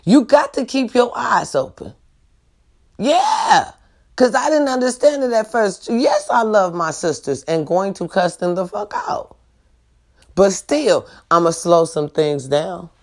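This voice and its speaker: A woman vlogger rants casually to her viewers, blunt and profane, repeatedly asking whether they understand and agree with her. Her voice is on the high side and sing-song, slow, with a darkish tone.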